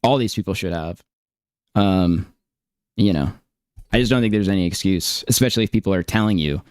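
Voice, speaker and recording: Smooth-voiced man doing stream commentary. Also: sits low, a little fast, dry recording, studio quality. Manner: incredulous, hedging, many fillers. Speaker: stream host reacting to clips. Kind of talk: casual reaction commentary.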